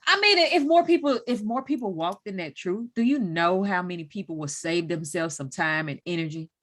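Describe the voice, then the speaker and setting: A woman hosts a podcast in a relaxed, conversational way. Her voice is a little low, and she often backs up her guest with short affirmations before sharing her own views. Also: normal speed. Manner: supportive, many affirming backchannels. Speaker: podcast host. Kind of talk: casual chat.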